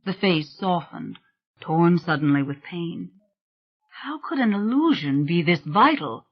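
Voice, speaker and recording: Slow, measured audiobook narrator. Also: medium pitch, sing-song, slightly rough, dull audio. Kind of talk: scripted novel narration.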